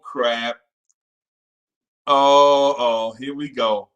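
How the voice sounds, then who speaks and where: A young man hosting a casual fan livestream, repeating himself and shouting out viewers by name. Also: medium pitch, drawn-out words, pauses often.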